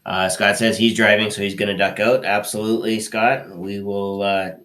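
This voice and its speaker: A man hosting a live podcast over a video call, relaxed, with many fillers as he announces the next segment. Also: on the low side, normal speed. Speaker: podcast host.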